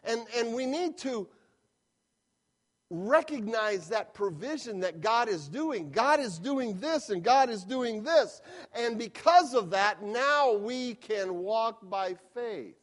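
A man's voice: very high voice, lively intonation, takes it slowly. A middle-aged man preaching a sermon as a pastor, stressing points with emphatic repetition.

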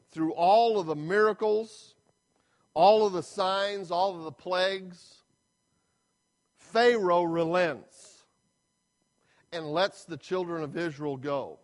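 Slow, high-voiced preacher telling a story. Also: male voice. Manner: dramatic, drawn-out emphasis. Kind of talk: sermon storytelling.

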